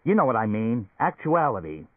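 A man reading the part of a troubled man stranded in a lifeless simulated world, talking roughly and brooding. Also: medium pitch, very animated, moderate pace, no echo, close to an everyday voice. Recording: dry, phone-like narrow sound.

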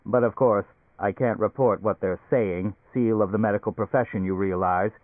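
A man's voice: lowish voice, steady tone, moderate pace, dry recording, natural voice. A man doing a fussy chattering suitcase psychiatrist. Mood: prim. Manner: prim, chattering, giggly. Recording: tinny phone-like recording.

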